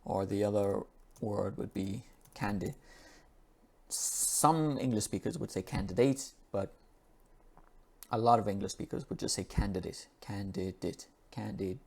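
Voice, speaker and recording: A man teaching English pronunciation, reading an article aloud and slowly repeating the sounds in each word. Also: on the low side, gravelly, breathy edge. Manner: slow and repetitive, drawing out and repeating sounds.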